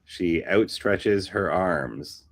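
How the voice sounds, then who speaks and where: Deep, slow-talking workshop host. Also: male voice. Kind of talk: reading scripts aloud with commentary.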